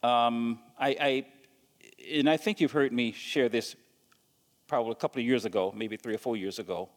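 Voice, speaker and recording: Halting preacher in a reverberant hall. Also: male voice, mid-range voice, steady tone. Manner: halting, repeats words, asks the congregation questions. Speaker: pastor. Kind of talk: sermon.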